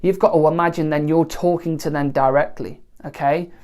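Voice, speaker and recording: A woman teaching songwriting in a relaxed, conversational way, often pausing to check in with the listener. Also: sits low. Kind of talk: spoken songwriting lesson to camera.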